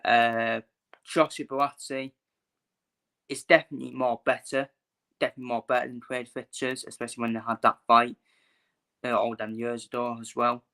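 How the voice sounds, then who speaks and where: A man's voice: medium pitch, little pitch movement, moderate pace, gravelly, pauses often, sharp tone. A man talking casually to viewers in a live stream, often repeating his phrases and filling gaps with "uh". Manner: repeats himself, fillers, talks to viewers. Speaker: boxing vlogger.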